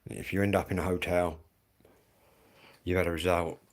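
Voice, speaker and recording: A man in his fifties with an English accent holds forth in a live stream, blunt and full of swearing. His voice sits fairly low, and he keeps up a ranting monologue. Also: flat delivery, moderate pace. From England. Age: 50s. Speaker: livestreamer.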